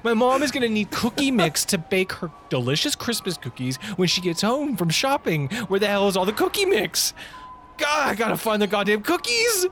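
A frantic comic voice rambles in circles, repeating phrases and cursing as it works itself up. The pitch leaps all over the place at a middling height. Clear music plays behind it. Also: big pitch swings, brisk, a bit bright. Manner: rambling, repetitive, frantic, swears a lot. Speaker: comedic character monologue performer. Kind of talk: improvised comedic monologue.

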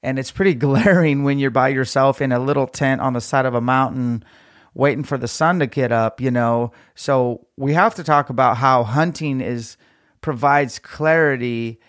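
Earnest man with a smooth, dry voice. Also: medium pitch, no echo. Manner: earnest, reflective, quick talker. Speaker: podcast host. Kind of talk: casual podcast chat.

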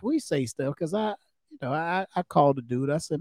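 A man's voice: on the high side, animated, brisk, a little mellow, dry recording, studio quality. A man, a former cop turned comedian, co-hosting a podcast in loose, profane, casual chat and acting out voices.

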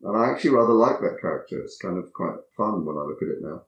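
A man being interviewed about his acting work, telling anecdotes in a reflective, halting way and often repeating words as he thinks. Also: low-pitched, lively intonation, gravelly. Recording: roomy echo.

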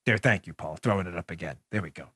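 A man's voice: low voice, fast, sharp tone, slightly rough, no room sound, clean studio sound. A middle-aged man hosting a political commentary podcast, talking in a sarcastic, mocking and emphatic way. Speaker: podcast host, former police officer.

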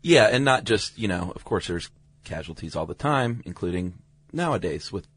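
A man's voice: low voice, expressive, normal speed, a bit bright, slightly rough, no echo. An American man co-hosting a podcast, laid-back with dry humor. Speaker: podcast co-host. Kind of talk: casual chat.

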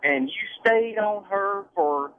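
A man's voice: high-pitched, slow pace. A man calling in to a radio talk show who argues defensively and keeps repeating himself as he tries to get a word in. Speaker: caller. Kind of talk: heated call-in argument. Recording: tinny phone line with faint noise.

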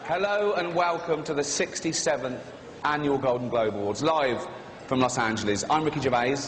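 A man's voice: mid-range voice, normal speed, background noise. A man hosting an awards show, delivering a dry, teasing stage monologue. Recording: roomy hall with a crowd.

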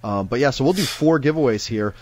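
A man's voice: mid-range voice, expressive, a little fast, a little mellow, no echo. A man in his thirties from Nebraska, co-hosting a live sports card stream in a chatty, joking way. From Omaha, Nebraska. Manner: chatty, jokey, reads off giveaway lists. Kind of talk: casual live-stream chat.

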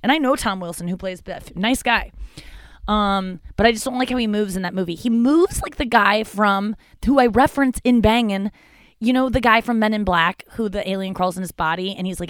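Young woman comic hosting a podcast: rambling, crude and candid, with a smooth voice recorded dry. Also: medium pitch, brisk, no room sound. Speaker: podcast host. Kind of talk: casual comedic monologue.

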